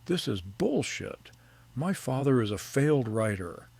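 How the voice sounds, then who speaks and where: A young adult son, arrogant and bitter, pushing his point hard, as a male narrator puts him on. The voice is gravelly and sits close, with no room sound. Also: medium pitch, very animated, a little slow, a little mellow, no room sound, pitched above the performer's own voice, full character voice. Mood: scornful.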